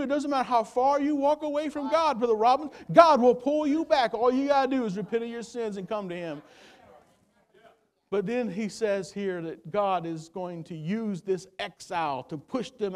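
A male pastor preaching a sermon, rising to loud emphatic peaks and dropping to quiet low passages, with repeated words as he gathers his thoughts. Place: church sanctuary.

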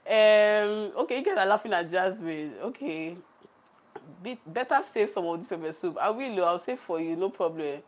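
A woman's voice: medium pitch, animated, normal speed. A woman with a Nigerian accent who is chatty and laughs often. She cooks on camera, reads out the live chat and talks to her viewers. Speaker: cooking vlogger. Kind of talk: casual chat on a cooking livestream. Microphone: camera on a tripod.

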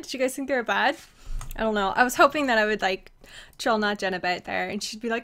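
A woman's voice: mid-range voice, quick pace, fairly bright tone. A woman streamer gushing in a casual live-stream chat while eating, giggly and talking with her mouth full.

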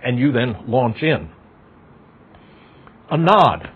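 Speaking very slowly in a mid-range, breathy voice with big pitch swings, a middle-aged man delivers a university psychology lecture. He talks with the class conversationally, asking questions and adding wry asides. The lecture hall recording is dull and lo-fi.

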